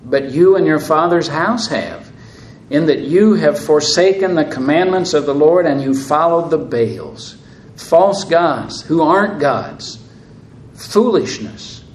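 A man reading the part of a calm, solemn male prophet in a measured, steady and firm way. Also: a little high, echoey room, a little hiss or hum, poor audio.

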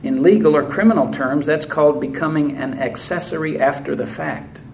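A man preaching in an earnest, fairly high voice. He reads scripture aloud with rising intensity, and a faint hiss sits under the recording. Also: moderate pace, darkish tone, poor audio. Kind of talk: sermon.

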